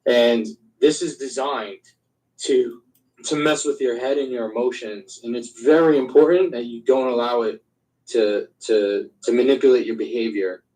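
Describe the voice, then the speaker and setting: A man's voice: mid-range voice, warm tone, far from the mic, poor audio. A man in an online voice chat giving advice, stumbling over his words. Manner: halting, advising. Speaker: Twitter space participant. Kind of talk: group voice chat.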